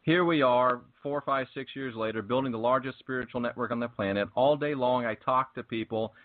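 A man's voice: mid-range voice, a little fast, no room sound. A man hosting a spiritual talk show, speaking with fervent, preachy emphasis in casual chat. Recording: tinny phone-like line.

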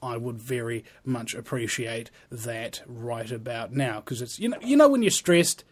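A man's voice: medium pitch, lively intonation, unhurried, husky. A man hosting a talk radio show, speaking in a rambling, earnest monologue with many fillers.

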